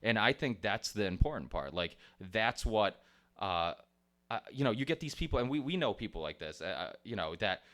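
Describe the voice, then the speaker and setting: A man's voice: lowish voice, animated, moderate pace, fairly bright tone. A man hosting a podcast in casual chat, rambling with many restarts, swearing and laughing easily. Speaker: podcast host.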